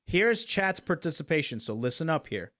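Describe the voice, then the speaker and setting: During a casual chat on his talk stream, this host guides his guest through the rules in steps and keeps asking "okay?". His fairly high voice swings widely in pitch at a normal speed, with a fairly bright tone.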